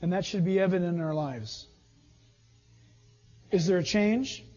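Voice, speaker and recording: A man preaching with a very high voice and a slow, deliberate pace. He delivers the sermon emphatically and acts out short scenes as he goes. The sound is a bit dull and rings with a long hall reverb. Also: dark tone. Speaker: pastor.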